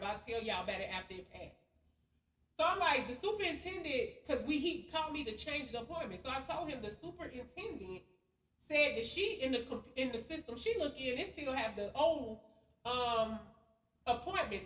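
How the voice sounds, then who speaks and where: In an echoey room far from the mic, with faint hiss, a young spiritual vlogger rants about something that happened. Her voice is on the high side and fairly bright, and she's blunt, heated, and swears a lot in this casual, profane telling.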